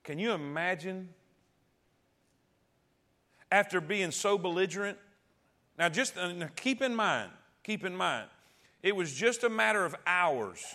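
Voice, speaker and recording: A man's voice: high-pitched, animated, unhurried, long pauses, pushed and bright. A man preaching a sermon as pastor, calling out to the congregation and repeating key phrases.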